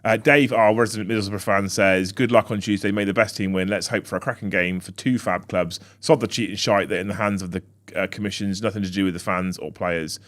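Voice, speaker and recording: A man co-hosting a football fan podcast in casual chat, reading out viewer comments with quick asides. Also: lowish voice, fairly even intonation, a bit bright. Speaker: podcast co-host. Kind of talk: casual live-stream chat.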